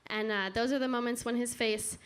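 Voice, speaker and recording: A woman performing a stand-up comedy set in a comedy club, with a deadpan, self-deprecating delivery. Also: on the high side, brisk, clean tone. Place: comedy club stage with live audience. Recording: noisy club room audio. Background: audience laughter.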